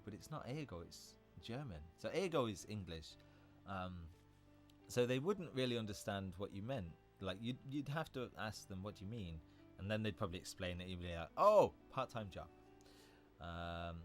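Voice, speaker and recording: A man hosting a casual livestream, explaining English vocabulary in a chatty way, often correcting himself and laughing at his own slips. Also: fairly low pitch.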